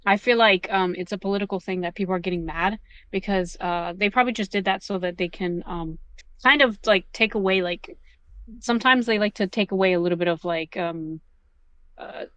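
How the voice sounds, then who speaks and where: A woman in a casual gaming podcast chat, talking in a loose, filler-heavy way. Her voice is mid-pitched, and the recording is dry with no room sound. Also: a little fast, a bit bright, clean tone, dry recording. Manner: chatty, many likes and fillers. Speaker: podcast co-host.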